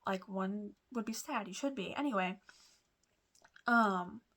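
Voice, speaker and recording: A woman vlogger chats through a personal story at a middle pitch, rambling and confiding. She backtracks, restarts her sentences and fills her pauses with "like" and "um.". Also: fairly bright tone. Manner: rambling, lots of fillers and restarts; chatty, confiding. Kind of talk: casual storytelling.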